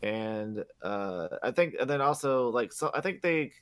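A man's voice: mid-range voice, expressive, a little slow, fairly bright tone, clear, resonant tone. A man co-hosting a podcast recaps a video game's story in loose, meandering fashion. He fills his sentences with "like" and "uh" and swears freely as he goes. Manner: rambling, profane, many fillers. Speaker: podcast co-host. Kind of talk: casual game recap.

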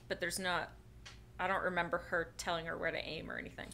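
A woman's voice: fairly low pitch, flat delivery, fast, sharp tone, slight background noise. A woman co-hosting a podcast, chatting casually in an easygoing way as she tries to recall what happened in an episode. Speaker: podcast co-host. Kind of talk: casual chat recapping an anime episode.

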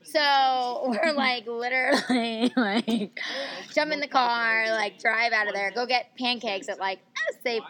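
A woman's voice: on the high side, unhurried, fairly bright tone, poor audio. A young woman co-hosting a podcast, telling a wild story in a casual, giggly way with lots of fillers, recorded at a birthday barbecue. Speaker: podcast co-host.

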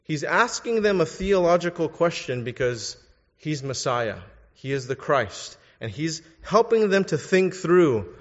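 In a church, a man preaches a sermon in a high-leaning voice with big pitch swings, unhurried, firing pointed questions at listeners and urging them to think. The recording sounds dull, in a reverberant hall.

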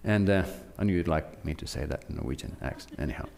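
A man from Norway preaching a sermon, urging his listeners with animated delivery and frequent restarts. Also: extremely low pitch, fast talker, vocal fry.

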